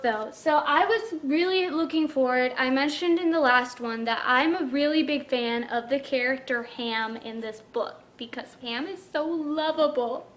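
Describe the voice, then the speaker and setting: High-pitched woman gushing about a book, chatty vlog talk, says like a lot. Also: a bit bright. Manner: gushing, chatty, lots of "like" fillers. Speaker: book reviewer. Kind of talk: casual book review vlog.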